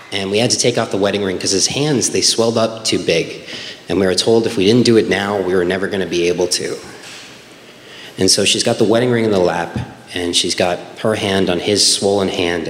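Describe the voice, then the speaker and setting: A man's voice: sits low, a bit bright. A young man telling a personal story on stage, conversational and wry, with lots of "like" and "um.". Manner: conversational, wry, many fillers like "like" and "um". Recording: roomy hall with faint room noise.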